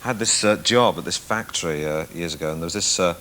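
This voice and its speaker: A man in his thirties tells a self-deprecating story as a chat show guest. He stammers as he starts his sentences. His voice is bright and sits a little low. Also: quick pace, a little hiss or hum. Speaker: comedian guest. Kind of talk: anecdotal chat show talk.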